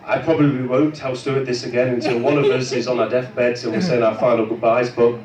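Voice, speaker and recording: A man's voice: mid-range voice, level tone, fairly quick. A tipsy man giving a rambling, crude wedding speech for his brother, full of hesitations and self-deprecating jokes. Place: wedding reception hall with guests. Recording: roomy echo, distant mic, loud crowd.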